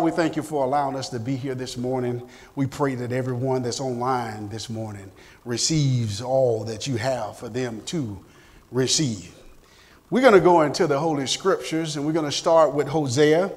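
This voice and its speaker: A man's voice: mid-range voice, big-room sound. A man leading a Sunday school lesson, reading scripture steadily and earnestly between remarks of praise. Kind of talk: reading scripture and teaching a class.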